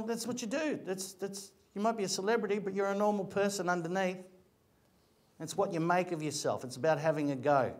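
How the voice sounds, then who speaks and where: Speaking a little fast in a high voice, a middle-aged male actor rambles through stories from his career. The talk is casual and chatty, full of restarts.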